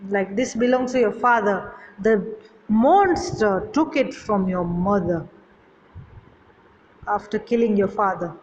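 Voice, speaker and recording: A woman's voice: medium pitch, takes it slowly, darkish tone, slight background noise, natural voice. A woman voicing a strange old fairy woman who speaks solemnly while reading a story aloud in class, recorded in an echoey hall with dull lo-fi sound.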